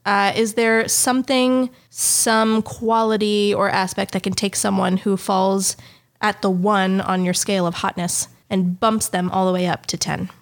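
A woman's voice: mid-range voice, little pitch movement, measured pace. A young woman co-hosting a podcast in casual chat, giggly and full of questions. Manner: chatty, giggly, asks questions. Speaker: podcast co-host.

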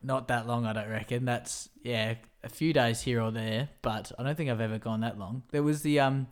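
A man at a mid-range pitch, chatting easily as a podcast co-host. He agrees readily and keeps the conversation rolling with quick asides. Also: fairly even intonation. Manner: chatty, agreeable, quick to laugh and back-channel. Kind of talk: casual chat.

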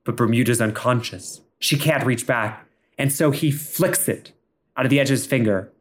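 A man's voice: medium pitch, moderate pace. A male host narrating an improvised comedy story with theatrical energy and frequent laughter. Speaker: podcast host.

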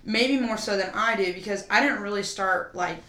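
A woman telling stories in casual chat, profane and animated, often acting out what others said. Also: medium pitch, moderate pace. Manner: profane, animated storyteller who acts out quotes. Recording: roomy echo.

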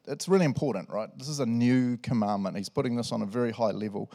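A middle-aged man with a New Zealand accent preaching a sermon in a relaxed, conversational way, laughing often and tagging lines with "eh" and "right". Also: medium pitch, fast. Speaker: pastor. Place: church hall with congregation.

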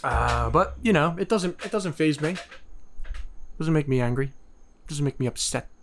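A man's voice: fairly high pitch, animated, moderate pace, a little hiss or hum. A man co-hosting a podcast in a casual, laid-back chat, dropping "dude" and "man" often. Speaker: podcast co-host.

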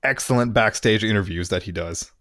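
A man's voice: on the low side, fairly quick, fairly bright tone, dry recording, studio quality. A man in casual podcast chat who laughs easily and asks curious questions.

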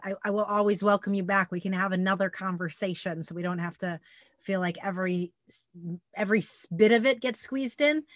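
A woman hosting an interview, answering with short acknowledgments and supportive words. Her pitch sits in the middle of the usual range. The sound is dry, with no room echo. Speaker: host. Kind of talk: casual interview.

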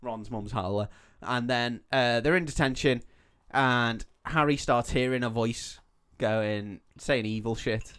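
A man's voice: mid-range voice, a little slow, a bit bright, clear, resonant tone. Brief: male podcast co-host, casual film recap, swears a lot, laughs easily, quotes characters in voices.

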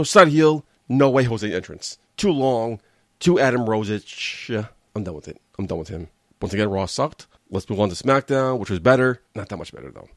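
A fairly low-voiced man rants in a blunt, sarcastic way, sounding worn out and exasperated. His voice sits close and dry with no room around it. It comes across as a casual talk-show take from a regular host. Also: vocal fry, dry recording. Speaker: wrestling commentary host. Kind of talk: casual opinion rant.

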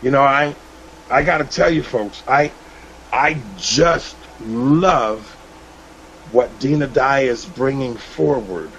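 A man's voice: mid-range voice, slow pace, a bit bright. A middle-aged man hosting a faith talk show, sharing an emotional personal testimony in an earnest, preacherly way with many restarts. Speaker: radio show host. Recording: dull lo-fi broadcast audio.

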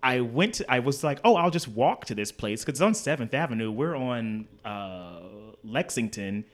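A man's voice: mid-range voice, normal speed. A man, a guest on a podcast, telling a story casually and acting out the voices of the people in it. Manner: animated storyteller, acts out dialogue with big swings in voice. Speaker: interview guest, designer.

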